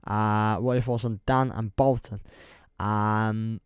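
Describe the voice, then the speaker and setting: A young English-accented man chats casually on a football livestream, rambling, poking fun at himself, and laughing often as he reads the chat aloud. His voice is fairly low and steady, and he speaks slowly and smoothly. The studio recording is clean, with no echo.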